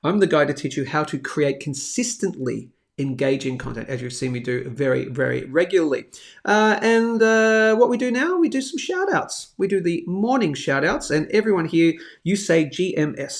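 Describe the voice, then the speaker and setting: A man's voice: fairly high pitch, lively intonation, moderate pace. An Australian man in his thirties hosting a daily live stream, chatty and jokey as he reads out viewer comments. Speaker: host of a live bullion show. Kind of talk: casual live-stream chat.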